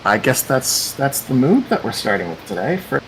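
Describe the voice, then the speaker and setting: A man's voice: medium pitch, very animated, moderate pace, a bit bright, a little hiss or hum, poor audio. A man running a tabletop game session as game master, in a chatty, meandering way that circles back on itself. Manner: chatty, meandering, repeats "cool". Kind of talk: casual tabletop game hosting.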